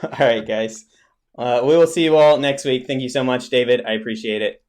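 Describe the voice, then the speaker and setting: Male host, relaxed and easygoing, casual chat. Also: medium pitch, normal speed, a little hiss or hum. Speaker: podcast host.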